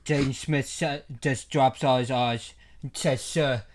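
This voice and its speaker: A podcast co-host chatting casually and playfully about movies, quick and giggly. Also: medium pitch, steady tone. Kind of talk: casual movie-review chat.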